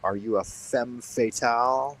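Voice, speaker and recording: A man's voice: medium pitch, fairly even intonation, unhurried, a bit bright, poor audio. A man hosting a casual livestream from home, rambling playfully and answering chat commenters. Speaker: livestream host. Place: home, Beijing.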